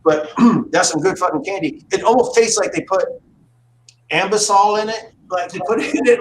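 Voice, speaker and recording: A man's voice: sits high, moderate pace. A man chatting casually on a livestream, telling rambling, profane stories. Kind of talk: casual chat. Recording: roomy echo with faint noise.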